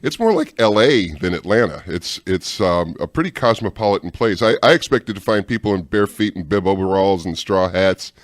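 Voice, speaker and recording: A man's voice: low voice, expressive, moderate pace, hardly any pauses, no room sound, clean studio sound. A man co-hosting a morning radio show, chatty and joking, recalling his own past while he questions a guest. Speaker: radio co-host. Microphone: studio microphone.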